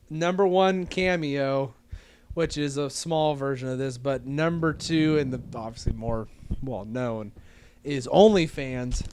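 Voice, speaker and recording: A man's voice: a little high, a little mellow, clear, resonant tone, dry recording. Chatty man hosting a podcast. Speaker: podcast host. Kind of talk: casual chat.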